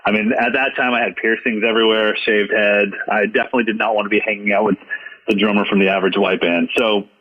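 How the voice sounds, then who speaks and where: A man with a fairly low voice talks through his past as a drummer in a casual, storytelling way. He sounds earnest, reflective and quick to poke fun at himself. The audio is dull and lo-fi. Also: flat delivery. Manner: earnest, reflective, self-deprecating. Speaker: drum educator, podcast guest.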